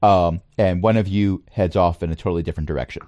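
A man narrating a tabletop game as its game master, relaxed and playful, with frequent ums and asides. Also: low voice, quick pace, no room sound.

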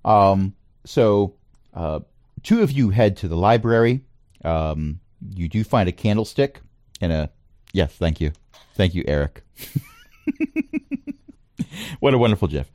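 A very deep male voice runs a tabletop game as game master, his pitch swinging widely as he narrates. He is relaxed and playful, with plenty of ums and asides. The sound is dry and close. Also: unhurried, pauses often, no echo.

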